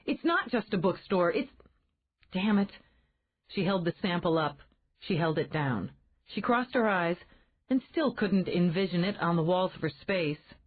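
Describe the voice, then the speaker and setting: A woman reading a romance novel aloud in measured scripted narration. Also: fairly low pitch. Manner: measured storytelling. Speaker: audiobook narrator. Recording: tinny phone-like band.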